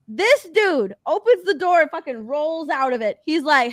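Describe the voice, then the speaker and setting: A woman co-hosting a casual podcast, recapping a movie in an animated, profane way and acting out the characters' lines. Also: high-pitched, moderate pace, few pauses, no room sound. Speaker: podcast co-host.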